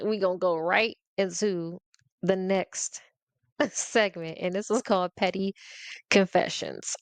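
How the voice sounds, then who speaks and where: A podcast host with a fairly low voice rants to her audience in a casual, sassy, playful way, laughing often as she speaks directly to them. The recording has no echo.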